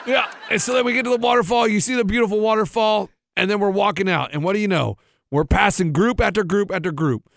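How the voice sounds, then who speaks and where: A man's voice: sits high, fast, gravelly, no room sound, clean studio sound. A man co-hosting a talk show, telling a story in casual banter and acting out what others said. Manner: animated storyteller, acts out other people's lines. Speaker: radio show co-host.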